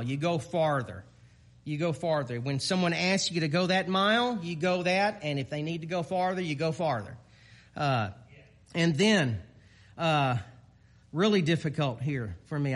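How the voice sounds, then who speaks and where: Folksy halting preacher, man. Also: fairly high pitch. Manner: folksy, halting, many fillers and restarts, chuckles at himself. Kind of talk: informal sermon.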